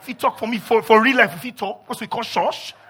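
A male pastor preaching a sermon, swinging from low murmurs to loud shouts and acting out scripture voices. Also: fast, a little hiss or hum. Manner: acts out scripture voices and asides.

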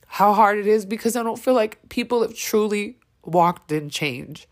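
A woman's voice: mid-range voice, measured pace, few pauses, darkish tone. A woman speaking on her podcast in a candid personal monologue. She is blunt and emphatic, swears often, and halts with many fillers and restarts. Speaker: podcast host.

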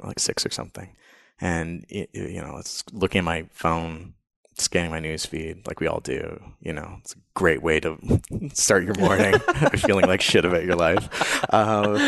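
A man from Canada, a podcast guest, telling a personal story in an interview in an animated, candid way and swearing freely. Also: sits low, creaky, no echo, studio quality.

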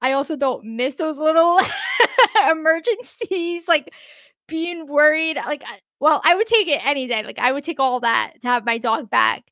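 A woman's voice: high-pitched, normal speed, a bit bright, no echo, clean studio sound. A woman co-hosting a podcast in casual chat, laughing often and saying "like" a lot. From United States. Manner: giggly, says "like" often. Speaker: podcast co-host.

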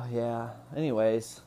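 A man's voice: mid-range voice, very slow, warm tone. Rambling, profane man in his twenties. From Indiana, USA. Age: 20s. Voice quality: rambling, profane, laughs often. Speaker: vlogger. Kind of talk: casual chat. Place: at home.

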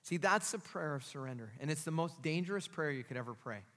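High, bright-voiced preacher in a reverberant hall. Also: male voice, expressive, quick pace, few pauses. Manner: emphatic preaching, with tag questions to the congregation. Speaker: pastor. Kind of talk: sermon. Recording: long reverb of a large hall.

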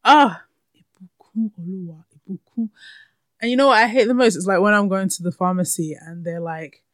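A woman's voice: mid-range voice, a little fast, no room sound. A young woman hosting her podcast, talking candidly and laughing often, close to the mic in a room at home. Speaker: podcast host. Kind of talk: casual solo podcast chat. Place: room at home with window open. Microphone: podcast microphone, close.

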